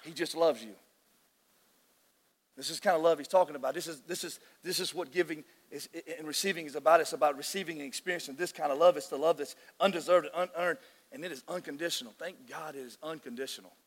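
A man preaching a sermon as pastor, emotional and excitable, often restarting his sentences. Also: fairly high pitch, fast talker. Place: large church hall. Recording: long hall reverb.

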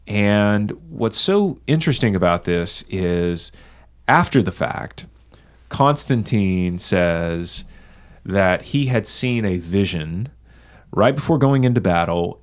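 Deep-voiced man explaining history. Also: clean tone. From American South. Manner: measured, explanatory, with many "um"s. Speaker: podcast co-host. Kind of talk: casual discussion of church history.

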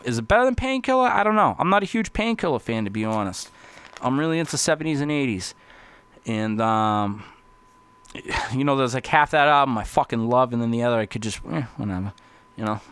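A man talking casually as a podcast host, rambling and swearing constantly, getting excitable. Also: mid-range voice, fairly quick, clean tone, dry recording. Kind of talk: casual profane monologue.

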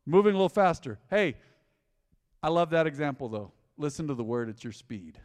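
Male pastor, slightly high voice, animated conversational sermon, long hall reverb. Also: moderate pace. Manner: animated, conversational preaching with repetition. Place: church hall.

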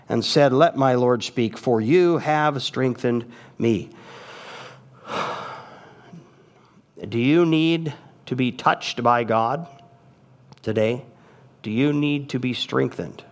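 A man in his fifties, a pastor, preaching a sermon with expressive, emphatic rises and asides. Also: mid-range voice, slow pace, pauses often. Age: 50s. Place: church sanctuary.

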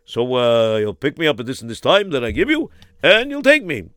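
A man telling a story and acting out the dialogue in an animated, hesitant way with many fillers. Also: mid-range voice, fairly quick, clear, resonant tone, no room sound.

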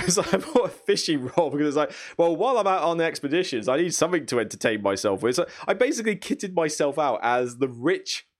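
A man hosting a board game channel, recapping a match in a lively, storytelling way, laughing and acting out his own reactions. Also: on the high side, quick pace, hardly any pauses. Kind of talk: casual gameplay recap.

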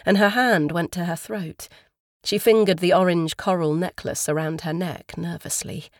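A woman narrating an audiobook in a calm, even storytelling manner, on a close studio mic. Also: lowish voice, normal speed, no echo. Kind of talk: scripted narration.

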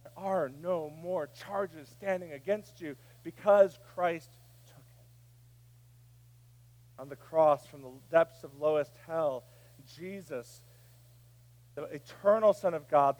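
A man preaching a sermon, dropping to a hush and then rising to a shout. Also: fairly high pitch, a little slow. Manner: preaching, swinging from hushed to shouting. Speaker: pastor.

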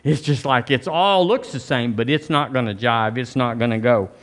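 A man's voice: mid-range voice, moderate pace. A male pastor, preaching a sermon in a folksy, conversational way, repeating phrases and asking the congregation to answer back. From Alabama, US. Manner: folksy, repetitive, conversational preaching with call-and-response. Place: church.

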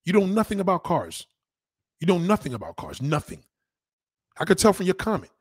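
Husky, animated man ranting on a live stream. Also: fairly quick, no room sound, clean studio sound. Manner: mocking, profane, repeats himself for emphasis; animated, pitch jumps up when indignant. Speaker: livestreamer reading viewer comments. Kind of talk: heated live-stream rant.

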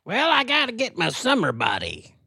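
A man voicing Mister Possum, a folksy rural male possum character, talking in a deadpan, rambling drawl on a comedy podcast. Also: high voice, normal speed, vocal fry, heavy background noise, exaggerated voice. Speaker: co-host.

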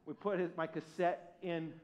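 A man preaching at a church service, telling a personal story in an animated, self-mocking way, with his voice swinging from quiet to loud. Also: on the high side, normal speed. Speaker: pastor. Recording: dull lo-fi sound.

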